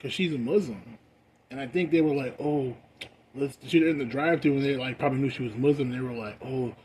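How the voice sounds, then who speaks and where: Young man, mid-pitch, stoned casual rant, profane, uneven volume, faint noise. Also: fast. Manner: profane and rambling, loud bursts then mumbling. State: high. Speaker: vlogger.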